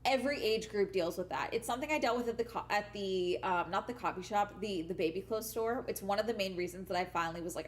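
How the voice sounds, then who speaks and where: Young woman ranting about work, swears a ton, keeps saying okay, casual vlog storytime. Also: mid-range voice. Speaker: vlogger.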